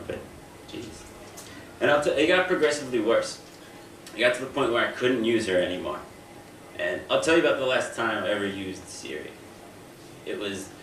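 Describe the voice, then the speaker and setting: A man's voice: on the low side, fairly bright tone. Young American man doing stand-up. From United States. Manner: self-deprecating, repeats his openings. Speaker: stand-up comedian. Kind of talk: stand-up comedy. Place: stage in a room. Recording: echoey room, distant mic, faint noise.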